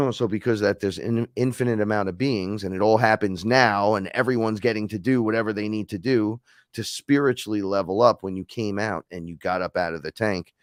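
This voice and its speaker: A man's voice: lowish voice, normal speed, no room sound, clean studio sound. A man hosting a casual spiritual talk, telling stories in a rambling, profane way. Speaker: host.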